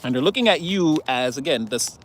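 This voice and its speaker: A man's voice: fairly high pitch, animated, brisk, slight background noise. Chatty, laughing male tarot reader. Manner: chatty, rambling, laughs often. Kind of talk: casual tarot reading.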